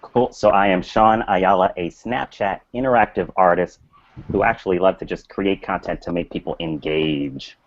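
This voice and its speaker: Deep-voiced calm male guest. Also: normal speed, lo-fi sound. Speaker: guest artist. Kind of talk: casual chat.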